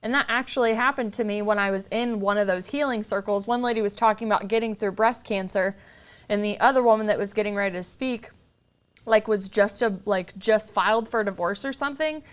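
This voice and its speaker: Chatty woman telling lively stories. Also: medium pitch, brisk. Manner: chatty storyteller, acts out quotes, lots of "like". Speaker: podcast guest. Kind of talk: casual conversational interview.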